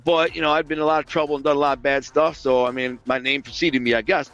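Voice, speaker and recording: This Detroit-area man, a former mobster on as a guest, talks quickly in a fairly high pitch while telling casual stories. He's animated and streetwise, voicing the dialogue himself, on a muffled recording with no room sound.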